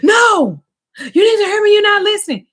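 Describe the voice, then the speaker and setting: A woman voicing an angry, tearful ex-partner who pleads and yells. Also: extremely high pitch, big pitch swings, moderate pace, pitched above the performer's own voice, heavily acted. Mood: shouting. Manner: pleading and yelling.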